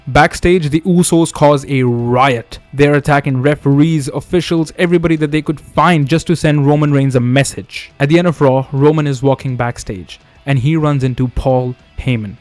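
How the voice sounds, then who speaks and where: A man's voice: medium pitch, normal speed, hardly any pauses, dry recording, soft background music. Man narrating a wrestling storyline. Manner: steady storytelling, reads quotes in his own voice. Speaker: wrestling video host. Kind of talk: fantasy booking narration.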